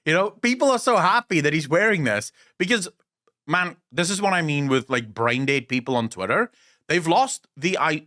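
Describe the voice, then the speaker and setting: A man from South Africa co-hosting a gaming podcast, telling stories in casual chat, emphatic and swearing freely. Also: medium pitch. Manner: lively storytelling, swearing, emphatic. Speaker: podcast co-host.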